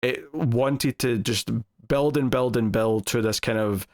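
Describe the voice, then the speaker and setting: A man's voice: mid-range voice, measured pace. Rambling man reviewing a TV episode. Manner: rambling, many fillers and restarts. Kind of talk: casual spoken review.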